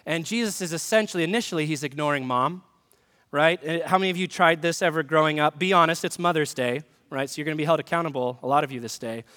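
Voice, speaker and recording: A man's voice: a little high, fast, sharp tone. Man preaching in a reverberant hall. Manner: conversational preaching with humor and direct questions to the congregation. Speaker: pastor. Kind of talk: sermon. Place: church sanctuary.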